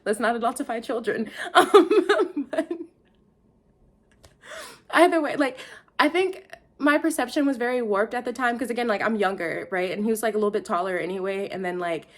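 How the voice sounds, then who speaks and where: A woman's voice: on the high side, moderate pace. A young woman from Detroit telling a casual storytime monologue, rambling, interrupting herself and laughing often.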